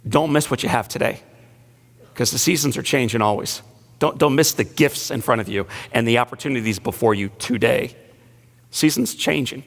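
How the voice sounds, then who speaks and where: Male inspirational speaker, middle pitch, storyteller mixing humor and quiet emotion. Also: moderate pace, creaky. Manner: storytelling, shifting between playful asides and hushed emotional lines. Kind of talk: inspirational speech to a large audience. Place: large banquet hall.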